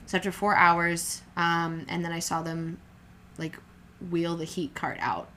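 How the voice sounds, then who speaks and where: A woman's voice: fairly low pitch, level tone, a little slow, pushed and bright, a little hiss or hum. A young woman chatting casually and candidly, rambling with fillers and restarts as she tells a personal story. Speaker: podcast co-host telling her birth story. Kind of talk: casual chat.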